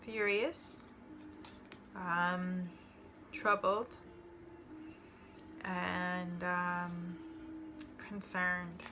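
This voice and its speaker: A woman reading out a worksheet and working through an exercise, slow and hesitant with many pauses and ums. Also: lowish voice, little pitch movement, music in the background, low-quality recording. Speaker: student reading coursework aloud.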